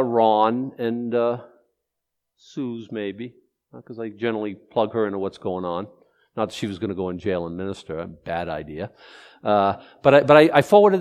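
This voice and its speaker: Middle-aged male pastor, conversational sermon, lively pitch, a bit high, rambles and restarts. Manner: rambling, conversational, self-interrupting. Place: church sanctuary.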